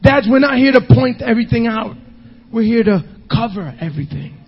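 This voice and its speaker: A male pastor preaching a sermon, emphatic, often shouting and half-singing his lines. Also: very high voice, animated, a little fast, vocal fry, slightly rough, muffled recording.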